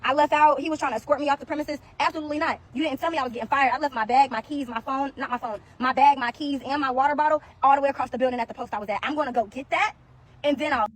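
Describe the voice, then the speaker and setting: Speaking fast in a high-pitched voice, a woman who once worked security recounts a casual tale to the camera. She animatedly performs what other people said.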